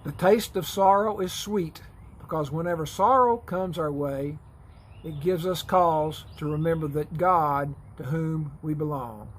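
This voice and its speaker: A man's voice: a little high, measured pace, poor audio. A man teaching a prepared church Bible lesson, reading from notes with folksy, dry asides.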